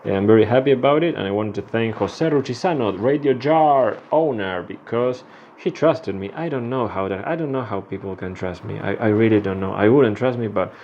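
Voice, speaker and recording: A man, a radio host talking about himself in a casual vlog, halting and restarting as he searches for words. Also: on the low side, a little mellow, dull audio, a little hiss or hum. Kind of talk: casual self-introduction vlog.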